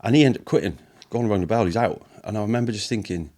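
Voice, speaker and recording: A low-pitched man from Britain talks casually as a podcast guest. He tells long stories, swears freely and slips into the voices of the people in them. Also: rapid-fire, darkish tone. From United Kingdom. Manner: swears often, storytelling, acts out quotes. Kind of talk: casual chat.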